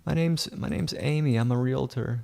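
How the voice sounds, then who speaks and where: A man mocking a whiny, demanding woman realtor in a high, wailing voice. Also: normal speed, creaky, background noise, natural voice. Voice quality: whining, mocking.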